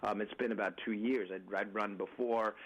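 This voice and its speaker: A man's voice: fairly low pitch, steady tone, normal speed, a bit bright, husky, low-quality recording. A man speaking as a guest and political candidate on a radio interview, talking emphatically with frequent restarts and addressing listeners as folks.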